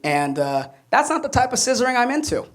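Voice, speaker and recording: A man's voice: extremely high pitch, brisk, noisy background. A young man performing a stand-up comedy set, telling stories and acting out quoted voices. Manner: animated storytelling, acts out quoted voices. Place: comedy club stage with audience laughter.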